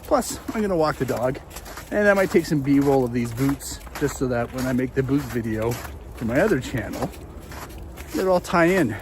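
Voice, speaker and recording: Out on a windy, muddy forest trail, a middle-aged man records a relaxed walking vlog, talking to viewers at a normal pace in an expressive mid-range voice. He's a bit winded from the hike, and background noise is audible.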